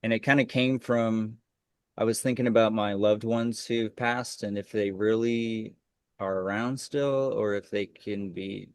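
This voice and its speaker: Dude on a zoom call, lowish voice, dry sound, kinda tentative sharing an idea. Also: male voice, steady tone, measured pace, clean tone, no echo. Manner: tentative, sharing ideas aloud. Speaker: group participant. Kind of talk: casual spiritual discussion. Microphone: video call.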